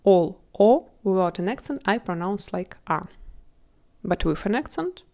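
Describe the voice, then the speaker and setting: A woman gives a language lesson at an unhurried pace. Her voice sits at a mid pitch, and she patiently sounds out each word syllable by syllable. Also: expressive, dark tone. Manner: patient, spells words out syllable by syllable. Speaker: Russian language tutor.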